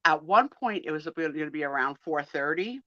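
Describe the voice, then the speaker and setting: A woman with a bright, forceful voice that sits a little low, telling stories animatedly in a live online chat. She laughs easily and acts out quotes. The sound is dull and dry, like lo-fi stream audio. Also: lively intonation, normal speed, dry recording. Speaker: guest co-host of a live sale chat.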